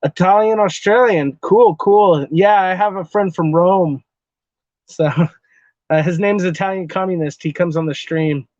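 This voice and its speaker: A man's voice: high voice, unhurried, a little mellow, no room sound, muffled recording. A man from Texas chatting casually on a live stream, answering his chat in a loose, rambling way, swearing a lot and laughing often.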